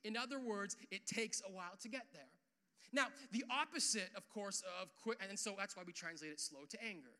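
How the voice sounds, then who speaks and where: A young pastor preaches to his church in a loose, chatty way, dropping "like" and "uh" between thoughts. His voice sits high for a man and rings very bright and forceful, rising even louder when he drives a point home. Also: brisk. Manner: casual, animated preaching with frequent "like" and "uh"; swells louder and higher on key points. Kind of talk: sermon.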